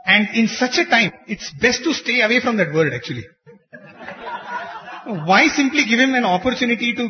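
A man giving an earnest, explanatory teaching talk to a group on devotional singing, chuckling over anecdotes. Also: high voice. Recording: dull recording in a reverberant hall.

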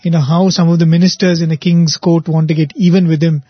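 A man, thinking aloud in a halting, thoughtful way as co-host of a spiritual discussion. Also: fairly high pitch, flat delivery, husky, dry recording, dull audio. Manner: thoughtful, halting, self-correcting. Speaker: co-host of a spiritual talk show. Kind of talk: conversational discussion.

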